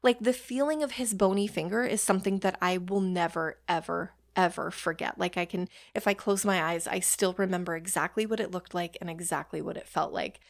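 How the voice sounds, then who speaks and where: A woman's voice: on the low side, fairly quick, vocal fry, hardly any pauses. A young adult woman hosting a podcast, telling personal stories in a chatty, casual way with casual swearing and self-deprecating asides. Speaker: podcast host. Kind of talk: casual storytelling monologue.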